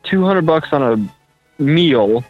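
Male caller, fairly high animated voice, teasing, music loud underneath. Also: takes it slowly, phone-quality sound. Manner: teasing, wisecracking. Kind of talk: casual call-in chat.

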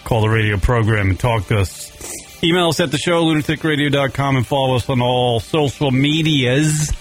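A man's voice: medium pitch, normal speed, soft background music. A man from Long Island hosting a casual comedy radio show, rambling and swearing as he tells stories. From Long Island, New York. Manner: profane, rambling, animated storytelling.

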